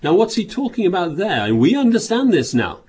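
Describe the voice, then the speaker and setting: A man's voice: high voice, big pitch swings, brisk, a little mellow, slightly rough. A man preaching a sermon, reading scripture aloud and pressing his points with rhetorical questions and repeated words.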